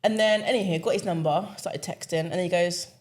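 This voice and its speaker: A woman's voice: lowish voice, fairly quick, darkish tone. A young woman, telling a story to her podcast co-hosts in casual chat, acting out the voices in it and laughing often. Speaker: podcast guest.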